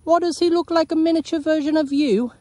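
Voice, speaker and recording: A man voicing a high, wondering cow lady. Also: a little fast, darkish tone, dry recording. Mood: curious. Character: curious gentle female cow.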